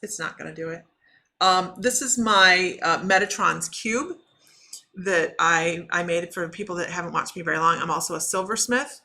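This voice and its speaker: A woman's voice: fairly low pitch, moderate pace, sharp tone. A middle-aged woman, a shaman and intuitive reader, chatting casually on a livestream, laughing often and talking to viewers by name.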